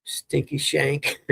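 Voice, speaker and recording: A man's voice: medium pitch, fairly bright tone, dry recording. A middle-aged man, telling rambling stories as a livestream host in casual chat. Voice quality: gravelly, husky. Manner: rambling, laid-back storytelling.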